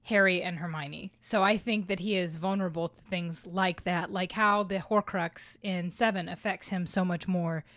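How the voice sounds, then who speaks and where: A woman's voice: fairly low pitch, steady tone, normal speed, hardly any pauses, fairly bright tone, no room sound. A woman co-hosting a podcast in a matter-of-fact casual chat. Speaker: podcast co-host.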